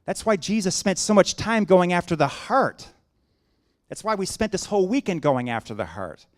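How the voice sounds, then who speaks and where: A middle-aged man giving a sermon, telling a personal story with acted-out dialogue and building to emphatic preaching. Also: fairly high pitch. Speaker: guest preacher.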